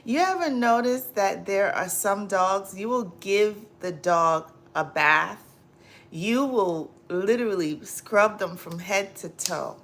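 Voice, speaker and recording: A woman hosting a casual livestream, laughing often and chatting with viewers in drawn-out, repetitive phrasing full of fillers. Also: medium pitch, animated, a bit bright. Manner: laughs often, reads and answers viewer comments. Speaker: livestream host.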